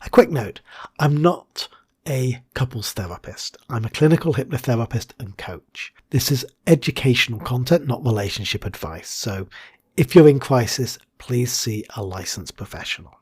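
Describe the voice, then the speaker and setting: A man's voice: medium pitch, expressive, moderate pace, darkish tone, breathy edge. A man, a hypnotherapist and coach, giving a scripted educational monologue in a dramatic way and dropping to a whisper on key words.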